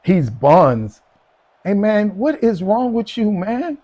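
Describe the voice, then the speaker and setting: A man's voice: high-pitched, very animated, slow pace, dark tone, lo-fi sound. A man livestreaming a video game, talking casually with his chat in a teasing, rambling way, often chuckling and repeating "man" and "you know what I'm saying". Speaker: gaming live streamer. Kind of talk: casual live-stream banter with chat.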